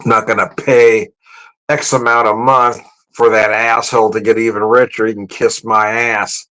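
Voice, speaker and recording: A beer vlogger hosts a casual livestream, rambling, chuckling and correcting himself, his level voice pushed and bright at a moderate pace. He jumps his voice up high to mimic greetings, and the recording quality is low.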